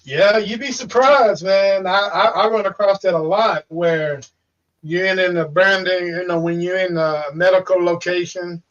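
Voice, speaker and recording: A man's voice: high voice, fairly even intonation, moderate pace, fairly bright tone. Man, ghost-hunter guest, rambling casual talker, distant muffled call audio. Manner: swearing, rambling, repeats words. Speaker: paranormal investigator and podcast guest. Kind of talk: casual chat.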